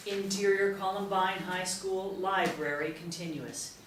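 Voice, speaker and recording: A woman reading a screenplay's stage directions aloud in a crisp, matter-of-fact way. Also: mid-range voice, a little slow. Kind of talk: screenplay table read narration. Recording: roomy, distant mic, faint hiss.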